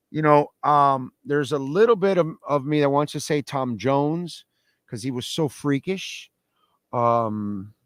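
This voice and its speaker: Speaking into a studio mic, this radio host has a fairly high voice with no echo and a clean studio sound. He talks sports casually, with animated emphasis, and repeats himself often.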